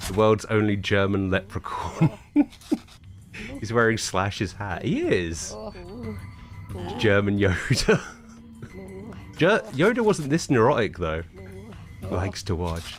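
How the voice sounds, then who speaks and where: A man commentating on a game he is streaming, wry and amused, his low voice rising and falling a lot. He speaks casually and breaks into quick asides, with faint game music behind him. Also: sing-song. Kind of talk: casual let's play commentary.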